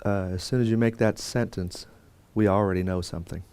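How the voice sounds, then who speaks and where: A man's voice: on the low side, fairly even intonation, a little fast, a little mellow, smooth. A man teaching a Bible course in a conversational lecture style, with fillers and restarts and quotes acted out. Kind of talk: classroom lecture.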